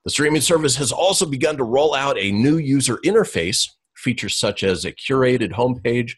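A man's voice: medium pitch, husky. A man co-hosting a podcast, reading entertainment news and chatting casually, laughing often and tripping over names. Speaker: podcast co-host.

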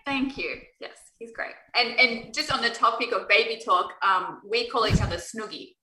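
An Australian woman talks through an interview in a bright, forward voice, circling back over her points in a loose, upbeat ramble. She sits a little away from the mic, and the room adds a noticeable echo. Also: fairly high pitch, moderate pace. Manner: upbeat, rambling, repeats herself. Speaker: guest wrestler. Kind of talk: casual interview chat. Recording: echoey, distant from the mic.

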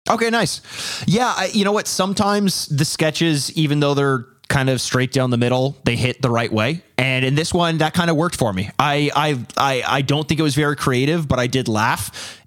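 A man's voice: a little high, moderate pace, a bit bright. A man co-hosting a podcast, chatty and steering the discussion in casual talk. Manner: chatty, leads the segments. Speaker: podcast co-host.

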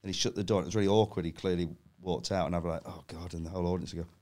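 A man's voice: low-pitched, fairly even intonation, very fast, darkish tone. A man, a comedian guest, telling stories in casual chat, laughing often and acting out the people he quotes.

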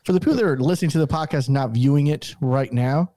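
A man in his thirties co-hosting a casual sports podcast, upbeat and rambling, quick to laugh. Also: on the high side, mellow, no echo. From Hispanic background. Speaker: podcast co-host.

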